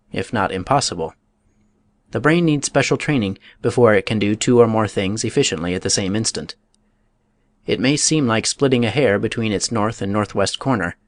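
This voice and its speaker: A man giving a dry, lowish audiobook reading. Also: dry recording. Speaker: audiobook narrator. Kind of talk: steady scripted reading of a nonfiction book.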